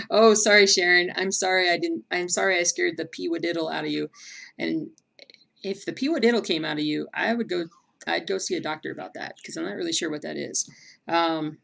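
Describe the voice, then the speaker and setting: A woman hosting a casual livestream chat, reading viewer comments aloud between bursts of excitement. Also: fairly low pitch, fairly quick, gravelly. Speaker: stream host.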